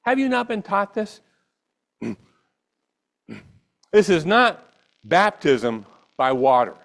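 A man's voice: high-pitched, big pitch swings, takes it slowly, a bit bright. A man preaching a sermon, reading scripture and then pressing his listeners with rhetorical questions and emphatic repetition. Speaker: pastor.

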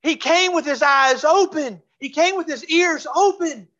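A pastor preaching a sermon in a church, fervent and repeating phrases for emphasis, dropping to a hush for closing pleas. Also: high voice, a little slow, dull audio. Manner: drops to a hushed voice for closing pleas. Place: church sanctuary.

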